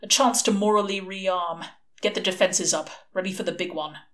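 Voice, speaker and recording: A woman voicing a scheming male demon who talks in excitable, rambling bursts full of rising questions. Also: medium pitch, moderate pace, lightly acted. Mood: wry.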